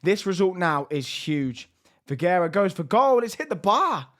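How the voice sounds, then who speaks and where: Excitable man with a strained voice. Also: high voice, unhurried. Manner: lively, shifts between hushed and excited. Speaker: gaming YouTuber. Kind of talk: excited game commentary.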